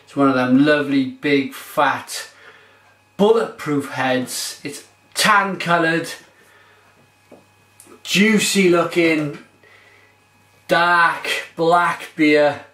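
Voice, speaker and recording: A man's voice: on the high side, slow pace, pauses often, a bit bright, roomy sound. A man reviewing beer on his vlog, gushing and exclamatory as he describes it.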